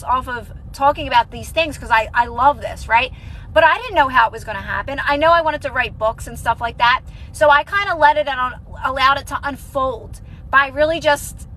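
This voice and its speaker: A young adult woman with a high, bright, forceful voice answers viewers on a phone live stream about manifestation. She's earnest and encouraging but rambling, restarting sentences often and saying "like" a lot. The audio is poor, with slight background noise.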